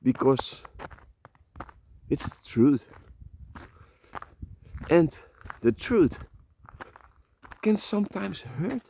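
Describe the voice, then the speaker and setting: A man's voice: fairly high pitch, sing-song, very slow, creaky, pauses often, dark tone, a little hiss or hum. A man from the Netherlands, walking outdoors and talking into his phone in a rambling, heartfelt monologue, swearing casually as he goes. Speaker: vlogger. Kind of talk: emotional motivational monologue. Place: outdoors, walking on a slippery path.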